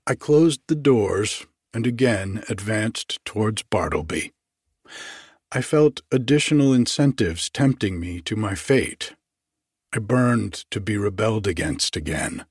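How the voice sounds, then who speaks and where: Husky low-voiced guy reading an old story, slow and formal, dry close sound. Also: expressive, no echo. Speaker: narrator. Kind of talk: audiobook reading of classic fiction.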